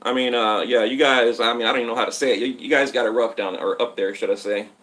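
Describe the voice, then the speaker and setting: This boxing-channel host streams live from his Texas home, chatting loosely with viewers and reading their comments from a tablet as he rambles on. He speaks fast in a mid-range, fairly bright voice with fairly even intonation.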